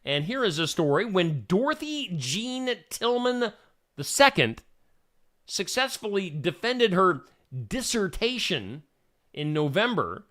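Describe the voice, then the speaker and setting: Chatty male radio host, lively and bright. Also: sits high, slow. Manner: chatty, joking asides between stories. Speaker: radio morning show host. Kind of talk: casual news reading with asides.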